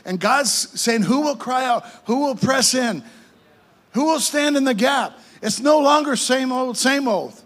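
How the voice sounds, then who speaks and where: A man's voice: extremely high pitch, a little slow, fairly bright tone. A man. He builds fervor by stacking repeated phrases, stumbling into restarts, and pressing on. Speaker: pastor. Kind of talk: sermon.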